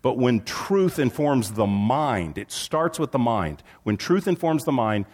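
A man, preaching an animated sermon and acting out quoted objections and shouts. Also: mid-range voice, unhurried. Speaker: pastor.

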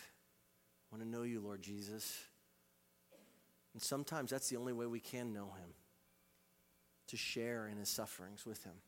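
A man preaching a sermon as a pastor, swinging from loud, urgent calls to quiet, intimate passages and repeating phrases for emphasis. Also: mid-range voice. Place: church sanctuary. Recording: live church recording with long hall reverb.

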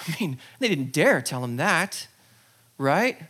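A pastor preaching a sermon in a conversational, animated way, acting out scenes and checking in with the listeners. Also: medium pitch, takes it slowly, breathy edge. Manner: animated storyteller, acts out scenes; conversational, frequent "okay?" asides.

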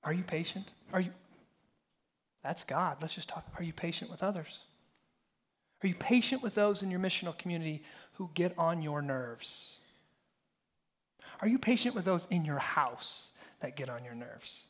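A man's voice: on the high side, normal speed, long pauses, breathy edge. A pastor in his thirties preaching a sermon, telling stories animatedly and firing rhetorical questions at the congregation.

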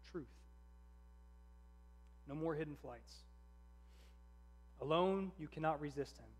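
A man voicing a grieving, merciful old king who speaks slowly, solemnly and tenderly. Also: a little high, a little hiss or hum.

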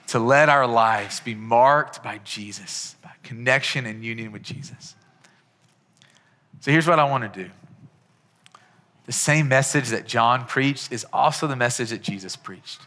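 A man's voice: mid-range voice, unhurried, pauses often, pushed and bright. A man preaching a sermon as pastor, impassioned and swelling to fervent peaks. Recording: long hall reverb.

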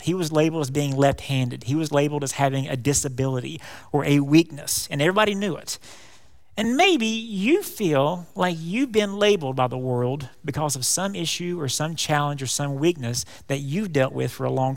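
A man preaching a folksy, animated sermon, calling his congregation y'all. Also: high-pitched. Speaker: pastor. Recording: long hall reverb.

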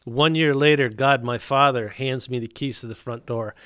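A man's voice: mid-range voice, fairly even intonation, normal speed, fairly bright tone, clean tone, no echo, studio quality. A middle-aged man, a business owner telling his faith story as a guest, acting out both sides of the dialogue. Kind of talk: storytelling testimony.

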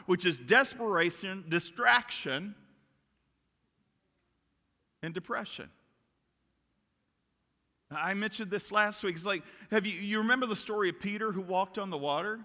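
A male pastor delivering a sermon, telling stories in an animated way with self-mocking jokes. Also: high-pitched, moderate pace, pauses often. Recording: long reverb in a hall.

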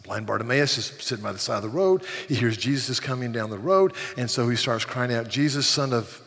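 A man's voice: mid-range voice, animated, fast talker, fairly bright tone. An older man preaching a sermon, earnest, often repeating words as he builds emphasis. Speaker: pastor. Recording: long hall reverb.

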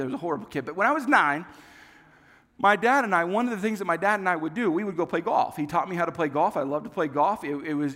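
High-voiced man preaching with hall reverb. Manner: animated storytelling with self-deprecating humor. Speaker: pastor. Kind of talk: sermon.

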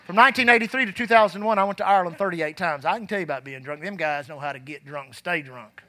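Talking fast, a man preaches in church with fervent intensity, his voice rising into shouts before going low and quiet whenever he speaks of his past.

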